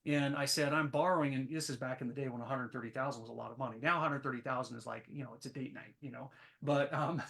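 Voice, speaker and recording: A man's voice: medium pitch, fast, creaky. A man who is a podcast guest, telling stories animatedly with plenty of ums and restarts. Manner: animated storyteller, many fillers. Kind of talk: casual podcast interview.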